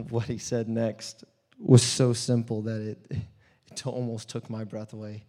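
A man playing a blind beggar tells his story in a slow, earnest monologue. His mid-pitched voice drops to a hush, then swells loud, and the church hall rings with a long reverb behind him. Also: little pitch movement, close to an everyday voice. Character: blind male beggar, adult, earnest and desperate. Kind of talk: dramatic first-person monologue.

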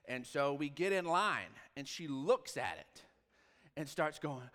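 A man preaching a sermon, voice pitched a touch high and carried by the long reverb of a large church hall. He tells his story with animated quoted dialogue and sudden drops to a near whisper. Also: measured pace. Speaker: pastor. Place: church sanctuary.

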